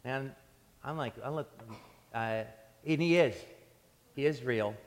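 A man preaching a sermon as pastor, telling stories in an animated way and often restarting his sentences. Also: medium pitch, takes it slowly. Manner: animated storytelling with frequent restarts. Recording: long hall reverb.

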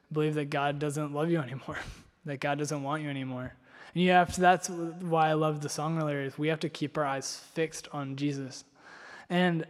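A young man from North Carolina preaching a sermon, telling a story in a rambling, self-deprecating way with lots of filler words. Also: on the high side. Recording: long hall reverb.

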